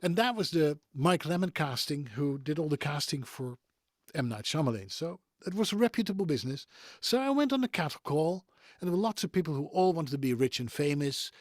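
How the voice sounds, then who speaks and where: A middle-aged Dutch man, a native Dutch speaker with a neutral European English accent, chats as a voice-actor guest on a video call interview, wandering off on tangents and chuckling between thoughts. His voice is slightly high with lively intonation and a somewhat fast pace. The sound is clean studio quality with no echo.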